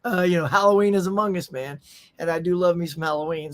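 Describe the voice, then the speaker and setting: A man's voice: a little high, steady tone, fairly quick. A man hosting a casual pop culture live stream from his home setup, talking in a goofy, upbeat way into a desktop USB microphone. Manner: goofy, upbeat, reads viewer chat aloud. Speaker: host of a pop culture livestream. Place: home setup in Southern California.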